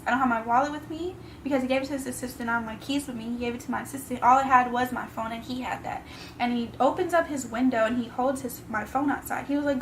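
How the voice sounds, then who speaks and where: A woman's voice: fairly high pitch, steady tone, fast, fairly bright tone, a little hiss or hum, poor audio. A young woman telling a personal story in a vlog, with casual slang, emotional and tearful at times. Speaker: vlogger.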